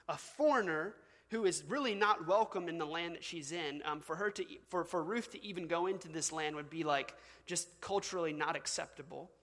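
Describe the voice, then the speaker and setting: A man's voice: on the high side, a bit bright. A man preaching a sermon as pastor, conversational, with fillers and asides. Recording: long hall reverb.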